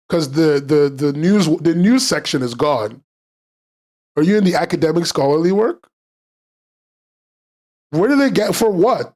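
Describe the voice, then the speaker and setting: A man with a fairly high, somewhat mellow voice hosts a casual live-streamed podcast. He rambles and swears freely, getting worked up quickly as he reacts to chat.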